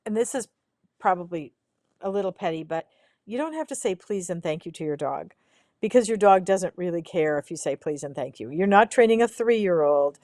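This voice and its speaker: A woman's voice: on the low side, animated, a little mellow, no echo, clean studio sound. A woman co-hosting a casual talk show, explaining dog training in a practical, matter-of-fact way. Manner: practical, explanatory, quick to laugh. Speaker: co-host. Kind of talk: casual podcast chat.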